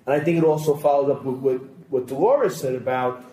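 A man's voice: medium pitch, fairly quick, mellow. A man co-hosting a podcast, telling long anecdotes and quoting what others said, in a casual roundtable chat. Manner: storytelling, long anecdotes with quoted dialogue. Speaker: podcast co-host. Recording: roomy echo, faint background hiss.

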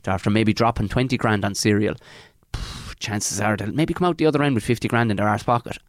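A man, co-hosting a casual podcast chat, jokey and excitable. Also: lowish voice, quick pace, no room sound, clean studio sound. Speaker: podcast co-host.

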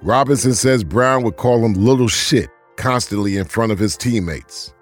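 A man giving scripted documentary narration in a measured, even delivery. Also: lowish voice, faint music behind. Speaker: podcast narrator.

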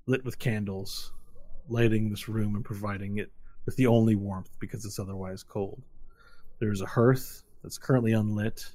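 A man's voice: fairly low pitch, darkish tone. A man narrating as game master, describing scenes loosely with frequent filler phrases.

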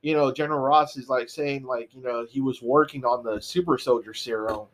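A man co-hosting a casual podcast, talking about films in a loose, rambling way. He speaks at an ordinary pitch and laughs easily. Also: steady tone, a little fast. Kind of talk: casual movie chat.

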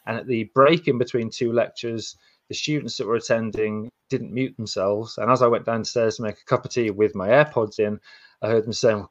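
A man's voice: mid-range voice, dry recording. Male co-host, casual and practical, recorded muffled and close. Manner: earnest, practical, restarts often. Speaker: podcast co-host. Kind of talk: casual advice podcast chat. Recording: dull, dry lo-fi sound.

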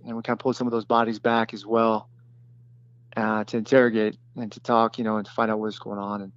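A man who was a detachment commander, recounting a battle in plain, halting speech with many fillers and restarts. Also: fairly low pitch, flat delivery, no echo, highs cut off. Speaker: former special forces detachment commander. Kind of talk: recounting a combat story in an interview.

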